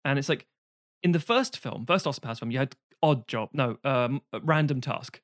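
A man's voice: medium pitch, moderate pace, no room sound, clean studio sound. A man co-hosting a casual film-review chat, sarcastic and swearing freely, slipping into mock voices. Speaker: podcast co-host.

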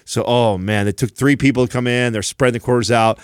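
A man co-hosting a podcast, telling a story in a casual chat, animated and swearing freely. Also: medium pitch, fairly quick, clear, resonant tone, no echo, clean studio sound. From San Jose area, California. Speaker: podcast co-host.

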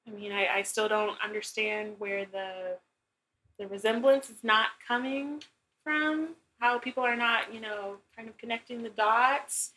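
A woman's voice: on the high side, fairly even intonation, unhurried, sharp tone, slight background noise, poor audio. A young woman co-hosting a casual chat, blunt and exasperated, with lots of "like" and restarts. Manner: blunt, exasperated, heavy filler use. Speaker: co-host.

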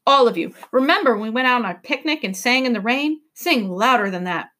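A woman voicing a fussy, easily flustered elderly male professor in a read-aloud storybook, often in hushed, breathy tones. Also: on the high side, animated, fairly quick. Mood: fussing.

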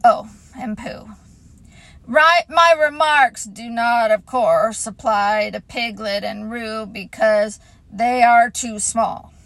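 A woman's voice: on the high side, takes it slowly, a bit bright, no room sound. Eeyore, a woman doing a gloomy old donkey. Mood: pompous. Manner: pompous, mournful speechmaking. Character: gloomy self-pitying old male donkey.

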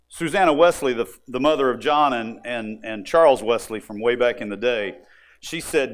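A man preaching a sermon, animated, and acting out the voices of people he quotes. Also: medium pitch, moderate pace. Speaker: pastor.

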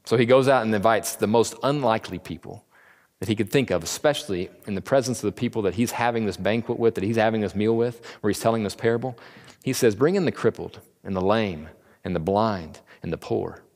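Lower-voiced man teaching in a reverberant hall. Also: darkish tone. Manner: conversational, jokey, acts out the characters in quick asides. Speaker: Bible teacher. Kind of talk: casual Bible teaching. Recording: long reverb of a large hall.

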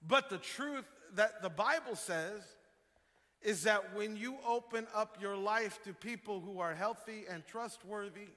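A male pastor delivers an animated sermon in a high, bright, forward voice. His delivery leaps into loud emphatic peaks, then settles back down. The sound carries a long hall echo over faint music. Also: measured pace. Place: church sanctuary.

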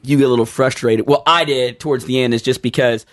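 A man chatting casually as a podcast co-host, telling stories in an animated, rambling way. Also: mid-range voice, fast talker. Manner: animated storyteller, rambling restarts, laughs mid-story. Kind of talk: casual chat.

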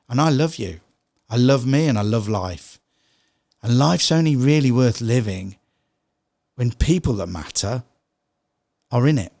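A middle-aged man giving a heartfelt motivational talk, earnest and pleading, dropping soft and low then rising with emphasis. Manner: earnest, pleading, swings between soft low lines and raised emphatic ones. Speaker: motivational speaker.

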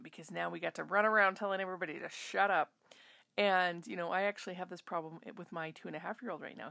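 Woman, 30s, host; low, gravelly, close and dry; chatty and reflective. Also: fairly bright tone, no echo. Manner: chatty, self-interrupting, reflective. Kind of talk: casual chat.

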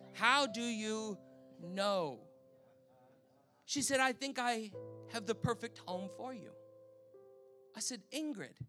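A high-pitched Canadian man gives a sermon testimony, telling the story with animated energy and acting out the voices of people he quotes. Music plays clearly under his voice throughout. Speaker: preacher.

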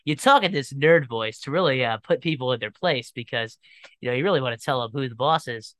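Casting: a guy doing a fussy, pedantic nerd, smooth clear tone, hesitant, in a dry close sound. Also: mid-range voice, brisk, fairly bright tone, dry recording, lightly acted. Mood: smug. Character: pedantic nerdy young man fussing over technicalities. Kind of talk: casual solo podcast bit.

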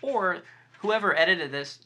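A woman with a low, husky voice chatting on a podcast about a movie. She lays out her thoughts methodically, point by point, with a somewhat bright tone. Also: expressive, a little slow. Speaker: podcast co-host. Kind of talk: casual movie review chat.

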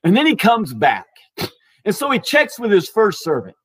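A man with a fairly high voice preaches in a relaxed, conversational way. He retells a story with easy restarts, and the sound is dry and close. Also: moderate pace, no room sound. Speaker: pastor. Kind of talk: casual sermon storytelling.

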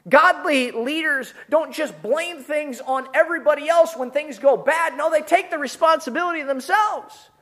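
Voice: mid-range voice, a bit bright. A pastor preaching a sermon in an earnest, emphatic, conversational way.

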